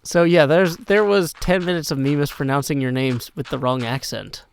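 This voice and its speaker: A man's voice: fairly high pitch, fairly even intonation, vocal fry, clean tone. A man from Tennessee with a Southern twang, greeting viewers on a livestream in a playful tone and sliding into sing-song rhymes. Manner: slow, playful, drifts into sing-song rhyming verse. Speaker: livestreaming gamer. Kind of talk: casual livestream chat.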